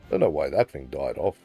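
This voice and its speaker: A man's voice: extremely low pitch, gravelly, warm tone. A man hosting a casual gaming livestream, chatting easily with his viewers and laughing often. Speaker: livestream host.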